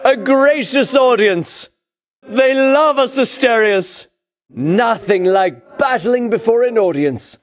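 Pompous boastful hero champion. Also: male voice, extremely high pitch, takes it slowly. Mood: boastful taunting. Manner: grandiose, theatrical taunting. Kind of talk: video game voice acting.

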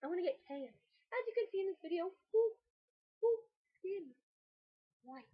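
A teenage girl chatting casually and rambling excitedly in a home vlog, giggling often. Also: extremely high pitch, moderate pace. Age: late teens. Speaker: vlogger. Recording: dull lo-fi home video audio.

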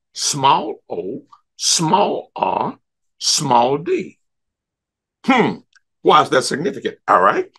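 A man leads a church Bible study with a slightly husky voice and an unhurried delivery. His pitch rises and falls widely as he stretches out key words, repeats himself and restarts sentences. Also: a bit bright. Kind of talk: teaching a Bible lesson.

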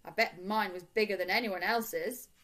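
A woman's voice: medium pitch, moderate pace, a bit bright, close to an everyday voice. A woman reading aloud, voicing a small, polite, innocent young male bear in a storybook. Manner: earnest, innocent.

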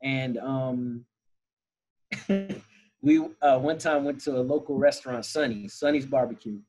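A man casually telling a funny family story as a guest, animated and chuckling now and then. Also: medium pitch, unhurried, poor audio.

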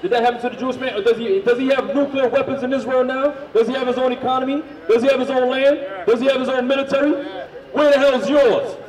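A man street preaching, loudly firing questions at the crowd and drilling his points home. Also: extremely high pitch, steady tone, quick pace. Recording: echoey, from far off.

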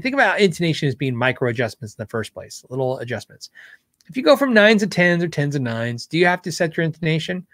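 Slightly high-voiced male guitar-show host. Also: a bit bright, no room sound, studio quality. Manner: explanatory, conversational. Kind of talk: casual live Q&A.

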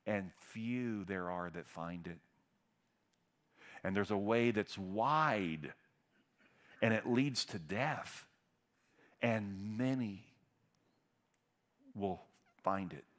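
Male pastor, sermon delivery, wide dynamic swings from forceful emphasis to hushed low lines. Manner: swings from loud emphatic stress to low quiet drops.

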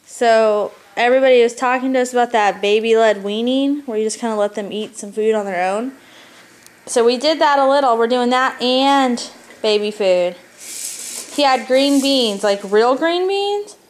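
Young mother, high voice, tired and chatty, sing-song with the kids, home vlog. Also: moderate pace. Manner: chatty, sing-song talk to her toddler. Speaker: mother vlogging family life. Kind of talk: casual home vlog chat. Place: family home.

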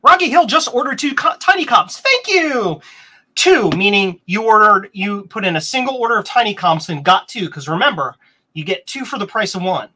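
A rambling, chatty man hosts a casual live stream with a bright, forward tone. He wanders between explanations and viewer comments, and now and then his pitch jumps up with excitement. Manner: excitable, bursts into higher pitch. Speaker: host of a vintage computer stream.

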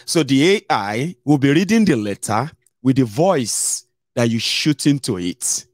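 A man's voice: mid-range voice, lively intonation, measured pace, dry recording, clean studio sound. A man with a Nigerian accent hosting a political livestream, chatty and digressive, slipping into pidgin with many fillers. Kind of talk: casual livestream commentary.

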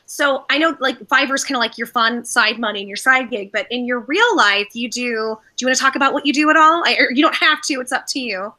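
Give me a very bright, high-voiced woman co-hosting, excitable and blunt. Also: fast talker, hardly any pauses. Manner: excitable and pleading, swearing freely. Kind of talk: casual interview.

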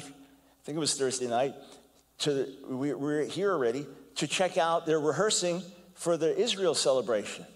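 An older man giving a lecture as a guest speaker, telling stories in an animated way, often repeating words as he goes and acting out quotes. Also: on the high side, unhurried, long pauses. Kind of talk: storytelling lecture. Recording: long hall reverb.

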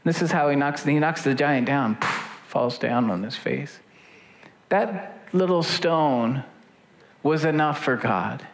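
Male pastor preaching, high voice, roomy echo, faint noise, surges loud then drops low. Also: slow pace, creaky. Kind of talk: sermon. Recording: echoey room with faint noise.

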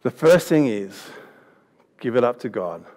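A man's voice: medium pitch, lively intonation, unhurried, a little mellow. Chatty man preaching. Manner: chatty storytelling with laughs and restarts. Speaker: youth pastor. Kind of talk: sermon. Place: church hall.

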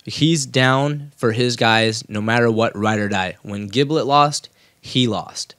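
Animated male podcast host, dry sound. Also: mid-range voice, slow, no echo. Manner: animated storyteller, acts out quotes in a raised voice. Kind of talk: casual chat.

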